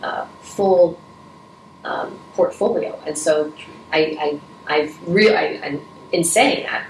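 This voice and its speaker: A deep-voiced middle-aged woman speaks slowly while answering interview questions as a Rotary vice president. She is earnest and emotional, restarting many times and occasionally choking up. The sound is echoey and distant with a faint noise floor.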